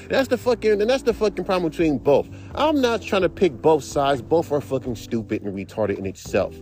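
A man with a slightly high voice rants on his own podcast, heated and profane, rambling from point to point. Faint music plays under his talk. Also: big pitch swings, normal speed, few pauses, a little mellow. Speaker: podcast host; rapper. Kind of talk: casual rant podcast.

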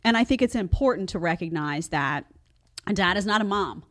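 A woman in her thirties hosting a casual reaction show and talking to her live chat, chatty and expressive. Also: medium pitch, fairly quick. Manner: chatty and animated, acts out quotes. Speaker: host reacting to clips.

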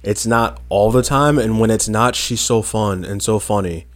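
A man's voice: fairly low pitch, normal speed. A man chatting casually with his partner as podcast co-host, blunt and dryly teasing. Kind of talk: casual couple chat.

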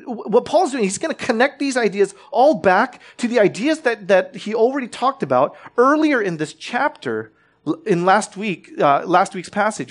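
A man preaching a sermon in a conversational teaching manner, often checking in with his listeners and restarting his phrases. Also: sits high.

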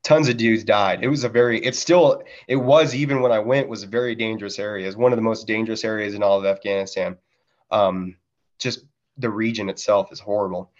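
A man's voice: fairly low pitch, fairly even intonation, fairly quick. A man telling casual stories from his military service as a podcast guest, laid-back and freely swearing, in a dull lo-fi recording. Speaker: podcast guest, Marine veteran. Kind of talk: casual storytelling chat.

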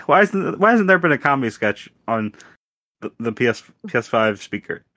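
A man's voice: mid-range voice, very animated, moderate pace, pushed and bright, no room sound. A man co-hosting a podcast, speaking earnestly and hesitantly, often restarting sentences. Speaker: podcast co-host. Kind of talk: casual chat.

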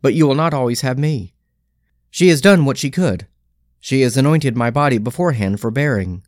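A man reads scripture slowly, pausing after each phrase in a liturgical cadence. His voice sits in an ordinary middle range. The sound is dry and close, with no room around it. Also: medium pitch, lively intonation, a little mellow, no echo. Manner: slow, phrase-by-phrase liturgical delivery. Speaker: scripture reader. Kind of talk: measured scripture reading.

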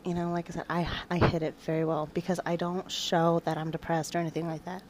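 A woman's voice: lowish voice, flat delivery, a little mellow, poor audio. Emotional young mother telling her story. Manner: emotional, confessional, halting with restarts. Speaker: podcast host. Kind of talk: personal storytelling podcast.

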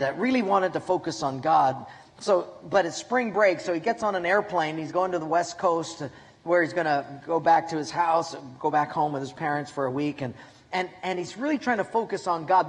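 A man with a Hawaiian accent preaching a sermon as pastor, telling funny stories and joking with his congregation. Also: a little high. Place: large church hall with a congregation. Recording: echoey hall with long reverb.

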